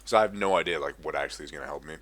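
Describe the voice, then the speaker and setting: A man's voice: rumbling low, very fast, fairly bright tone. A young man ranting profanely in a casual gaming commentary. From Australia. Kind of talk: casual rant over gameplay.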